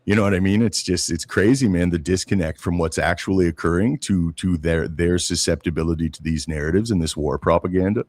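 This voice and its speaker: A man from Canada co-hosting a political podcast in a loose, casual way, dropping "man" at the end of his points. His voice sits very low, and the recording is dry and close. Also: fairly quick, few pauses, no echo. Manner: casual, says "man" often, animated retelling. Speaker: podcast co-host.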